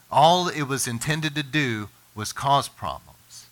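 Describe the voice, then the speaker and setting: A man preaching a sermon as pastor, earnest and impassioned, his voice climbing higher and louder when he presses a point. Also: unhurried, few pauses. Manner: impassioned preaching, rises in pitch and volume when emphatic.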